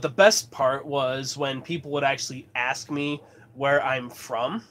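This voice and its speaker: A man's voice: medium pitch, fairly even intonation, unhurried, fairly bright tone. A man from Colorado chatting casually as host of his livestream, rambling and laughing often. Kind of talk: casual chat.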